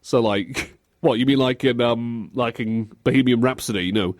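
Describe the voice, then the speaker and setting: At a radio studio desk, a man with a mid-range voice co-hosts a show at normal speed, recorded dry and with studio quality. His on-air chat is casual, animated, and giggly as he acts out quotes.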